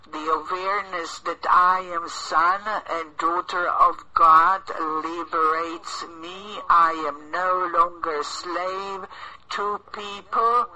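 A man preaching an earnest sermon, often addressing "brothers and sisters" and pausing with small hesitations. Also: a little high, pushed and bright, rough recording. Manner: earnest and exhorting, with frequent hesitations.

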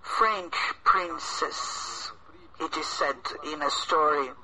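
A man preaching an earnest sermon, often addressing "brothers and sisters" and pausing with small hesitations. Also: a little high, sharp tone, low-quality recording. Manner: earnest and exhorting, with frequent hesitations.

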